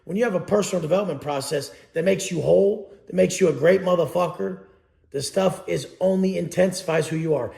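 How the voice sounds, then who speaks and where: A man's voice: sits high, brisk, creaky, darkish tone, reverberant. A man giving a blunt, profane motivational talk as a coach, preaching to his audience.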